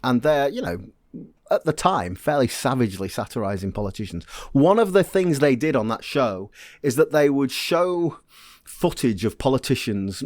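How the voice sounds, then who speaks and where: Male co-host, middle pitch, dry close mic, wry and well-researched. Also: dry recording. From Britain. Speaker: podcast co-host. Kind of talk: casual chat.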